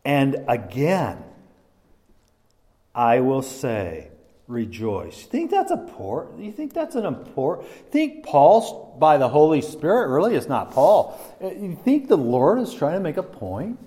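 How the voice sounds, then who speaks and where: Guy preaching, chatty and self-deprecating, slightly high voice, lots of restarts. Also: wildly swooping pitch, normal speed, few pauses, mellow. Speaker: pastor. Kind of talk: sermon.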